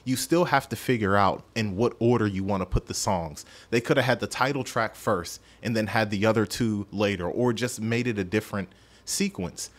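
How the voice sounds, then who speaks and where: A man's voice: lowish voice, normal speed. A man hosting a podcast, chatting casually through a music review in a rambling, self-deprecating way and stumbling over his words. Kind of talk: casual solo review chat.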